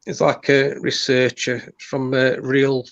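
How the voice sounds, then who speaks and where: A gravelly-voiced man joining over a dull, dry-sounding remote line. He rambles bluntly, restarting his sentences as he goes. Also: medium pitch, monotone, slow pace, dry recording. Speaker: guest. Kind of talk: casual chat.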